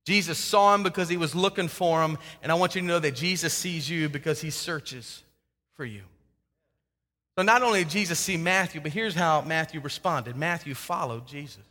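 A male pastor preaching a sermon, swinging between loud emphasis and hushed tones. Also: on the high side, moderate pace. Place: church sanctuary with a congregation. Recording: long hall reverb.

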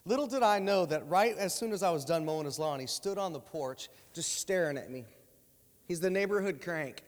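A male preacher delivering a lively sermon from the stage, his voice sitting a little high for a man. He tells stories and acts out the dialogue in changing voices. His voice rings out with a long reverb through the church sanctuary. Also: fairly quick. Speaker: guest preacher. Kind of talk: sermon with storytelling.

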